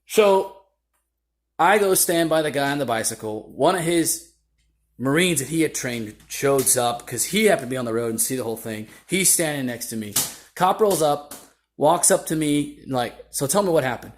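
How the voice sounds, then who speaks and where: A man's voice: on the high side, moderate pace. Man telling a story casually. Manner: animated, acts out shouting voices in quotes.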